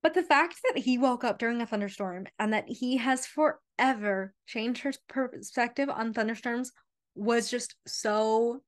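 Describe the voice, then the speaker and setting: A woman's voice: fairly high pitch, unhurried. A young woman chatting emotionally about a favorite book and reading passages aloud. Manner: gushing, emotional. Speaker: book reviewer.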